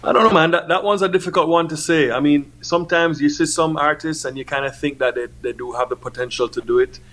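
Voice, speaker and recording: A man's voice: fairly high pitch, fast talker, fairly bright tone. Easygoing man filling in with "you know". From Jamaica. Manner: easygoing, peppered with "you know what I mean". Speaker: music producer guest. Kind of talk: casual interview answers.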